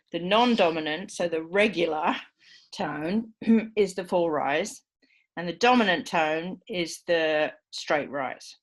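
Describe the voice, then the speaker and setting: A middle-aged woman lecturing a class, explaining patiently with many fillers and acting out sample phrasings. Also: fairly low pitch. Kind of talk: university lecture.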